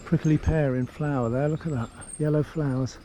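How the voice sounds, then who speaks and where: Walking through village streets, a middle-aged Englishman vlogs his travels, chattering eagerly and admiring all he sees. His fairly high, warm voice stays steady at a moderate pace, with a little hiss or hum in the audio.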